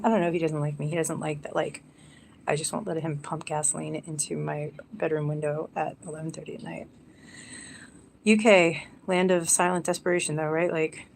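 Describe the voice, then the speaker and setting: A woman's voice: low voice, gravelly, a little hiss or hum. A young woman rambling casually on a live stream, chatty and self-mocking.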